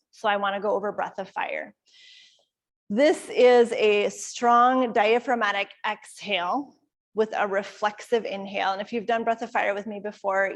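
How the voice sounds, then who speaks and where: A woman from Iowa, a kundalini yoga teacher, calmly explaining breathing and practice to a class in a conversational way. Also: mid-range voice. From Iowa, USA. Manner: calm, conversational, explaining step by step. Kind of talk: guided yoga class instruction.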